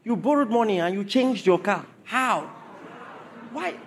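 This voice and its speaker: A man's voice: high-pitched, animated, unhurried, slight background noise. A man preaching a sermon to a congregation, driving points home with repeated rhetorical questions.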